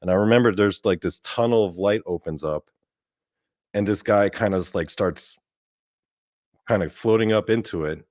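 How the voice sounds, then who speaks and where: Low-voiced man rambling through a story. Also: moderate pace, pauses often, a little mellow, no echo, studio quality. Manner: rambling, profane, full of fillers and restarts. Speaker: podcast host. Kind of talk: casual first-person storytelling.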